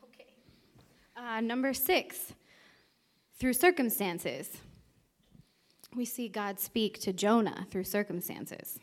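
A woman's voice: on the high side, expressive, slow, long pauses. A woman preaching a casual sermon, telling a personal story in a chatty way and often checking in with the listeners. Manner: conversational, laughs lightly, checks in with okay.

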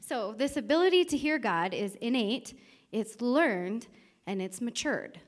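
A woman's voice: on the high side, lively intonation, measured pace. Playful woman co-preaching. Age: adult parent. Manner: warm teaching with family stories, playful. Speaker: co-speaker in sermon, reading points. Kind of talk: sermon.

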